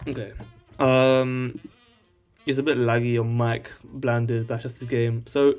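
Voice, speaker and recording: A man's voice: medium pitch, level tone, measured pace, a little mellow, faint music behind. A man hosting a casual screen-share tech tutorial, rambling through the steps and tagging his lines with "alright?".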